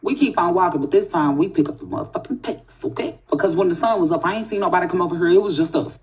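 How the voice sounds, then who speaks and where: Woman, low voice, brash animated teller who curses freely, addresses listeners as y'all, slightly dull lo-fi audio. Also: fast talker. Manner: animated, profane, talks straight to the audience. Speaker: storyteller. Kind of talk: casual spooky storytelling.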